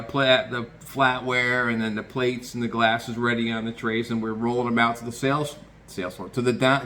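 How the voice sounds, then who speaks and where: A man's voice: mid-range voice, fairly bright tone, slight background noise. Rambling, foul-mouthed male storyteller. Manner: rambling, swears casually, restarts often. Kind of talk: casual spoken storytelling.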